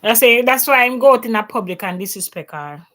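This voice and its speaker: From her home in Canada, a Jamaican woman streams a relaxed chat full of her opinions, blending patois with English and stressing her words heavily. Her slightly high voice is brisk and a bit bright, with lively intonation.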